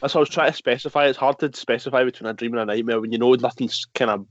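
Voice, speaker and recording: Young Scottish male podcast host, quick and animated, dull dry lo-fi recording. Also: mid-range voice. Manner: animated storyteller, acts out quotes. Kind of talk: casual chat among friends.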